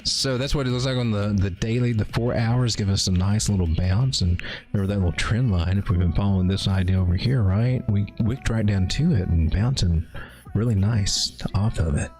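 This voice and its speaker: A man's voice: lowish voice, a little fast, darkish tone, faint music behind. A man hosting a late-night crypto livestream, casually rambling through chart analysis with playful dad jokes. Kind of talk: casual live market analysis.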